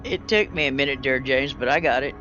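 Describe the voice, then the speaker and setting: A man's voice: mid-range voice, fairly quick, bright, forceful tone, highs cut off, faint music behind. A man in a casual group voice chat, teasing the others in a dry way.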